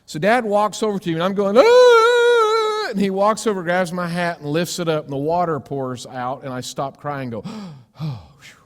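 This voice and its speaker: Male pastor, storytelling sermon, slightly high voice, long church echo. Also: fairly even intonation, a little fast, hardly any pauses. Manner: storytelling with sudden loud screams and hushed asides. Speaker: preacher. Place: church sanctuary.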